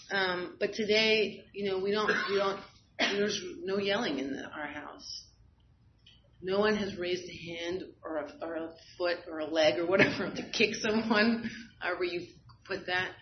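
Speaking at a recovery meeting, a woman of medium pitch tells her personal story frankly and with self-deprecating humor, laughing at herself often. There's slight background noise, and the lo-fi recording comes across a bit dull.

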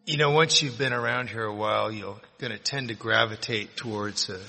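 Bright-voiced man speaking in an echoing hall. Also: on the low side, steady tone, fairly quick, creaky. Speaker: recovery meeting speaker. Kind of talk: personal share at a recovery meeting. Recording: long echo of a meeting hall.

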